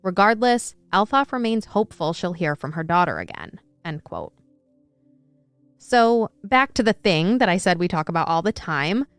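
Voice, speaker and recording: A woman co-hosts a true crime podcast with a smooth, resonant voice. She reads out news quotes, then rants with open indignation and curses freely. She is recorded close and dry, with faint music underneath. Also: mid-range voice, no room sound. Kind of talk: casual podcast chat, reading quotes.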